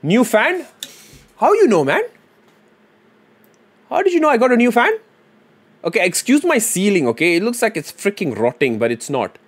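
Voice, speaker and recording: A man's voice: high-pitched, very animated, normal speed, pauses often, husky. A young man from Singapore chatting casually on a livestream, joking and rambling. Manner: joking, rambling, lots of fillers and "bro". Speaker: streamer.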